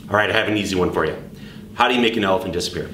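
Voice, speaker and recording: Male announcements host, deadpan joke teller, lowish voice, distant echoey room sound. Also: rapid-fire, slight background noise. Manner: storyteller, leisurely jokes. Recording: echoey room, mic far off.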